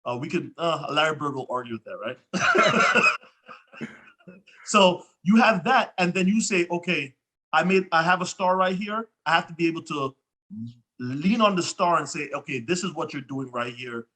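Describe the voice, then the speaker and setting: A man co-hosts a casual interview. His voice sits slightly high. He reflects at length, speaking from experience in a relaxed, conversational manner. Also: normal speed. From Jamaica. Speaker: co-host.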